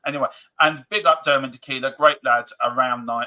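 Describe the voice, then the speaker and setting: A man's voice: mid-range voice, steady tone, fairly quick, sharp tone. A man co-hosting a casual fan live stream, reading viewer comments aloud and laughing often. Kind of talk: casual chat.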